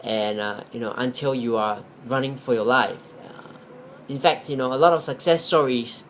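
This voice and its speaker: A man's voice: mid-range voice, normal speed, a bit bright, slight background noise. Rambling motivational vlogger, a man. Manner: rambling, with many fillers. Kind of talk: motivational storytelling.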